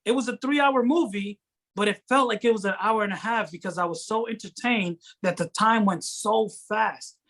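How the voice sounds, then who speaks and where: A man's voice: sits high, moderate pace, fairly bright tone. A man from Rhode Island, a guest in a casual interview, talking with enthusiasm and rambling as he searches for words. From Rhode Island, USA. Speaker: guest actor and filmmaker.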